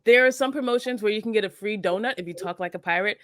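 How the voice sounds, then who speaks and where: A woman's voice: mid-range voice, fast talker, dry recording. Joking woman co-host, dry close sound. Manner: playful, joking with mock seriousness. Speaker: co-host of a morning show. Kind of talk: casual chat.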